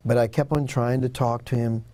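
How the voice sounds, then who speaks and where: A man's voice: medium pitch, steady tone, brisk, dark tone, no room sound. A man telling a personal story in an interview, earnest and dramatic, acting out what people said. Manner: earnest, dramatic retelling with acted-out quotes. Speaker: guest.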